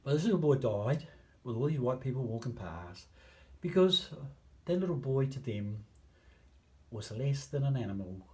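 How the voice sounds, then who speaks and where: A man with a New Zealand accent making an impassioned appeal to viewers, stretching out key phrases and swinging between loud stresses and hushed asides. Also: medium pitch, big pitch swings, moderate pace, pauses often. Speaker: campaigner addressing viewers.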